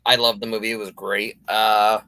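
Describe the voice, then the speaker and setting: A man's voice: fairly low pitch, level tone, moderate pace, pushed and bright, smooth, no echo. A man who runs a podcast, chatting casually and hesitantly, with frequent restarts. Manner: hesitant, full of fillers and restarts. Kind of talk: casual chat.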